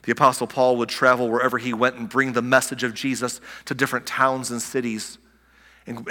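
A man delivers a sermon in a bright, forward voice, talking conversationally and often restarting his phrases. He lets key words sink low and soft for effect. The sound rings with the long reverb of a large hall. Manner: conversational preaching with restarts and soft dramatic drops. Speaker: pastor.

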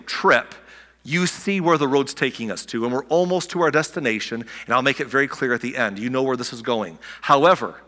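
Guy preaching, bright voice, kinda chatty, drops real quiet on some words, big hall echo. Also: mid-range voice. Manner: conversational preaching with restarts and soft dramatic drops. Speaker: pastor. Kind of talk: sermon.

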